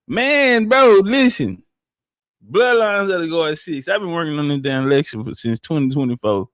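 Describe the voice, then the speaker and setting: A man co-hosting a livestream, talking loosely and rambling, sometimes reading aloud haltingly. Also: on the high side, lively intonation, fairly bright tone, dry recording, clean studio sound. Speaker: livestream co-host. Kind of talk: casual livestream chat.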